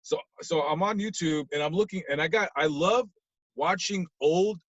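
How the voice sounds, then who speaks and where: A man, a podcast guest, animatedly telling a story, acting out scenes and swinging from hushed to loud. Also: on the high side, moderate pace, dry recording, muffled recording.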